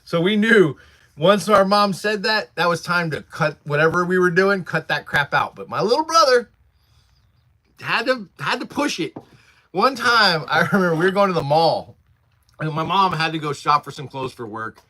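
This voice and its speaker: A man's voice: high-pitched, lively intonation, moderate pace, sharp tone. A man in his forties hosting a casual livestream from his workshop, rambling through stories and laughing often while answering chat. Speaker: livestream host.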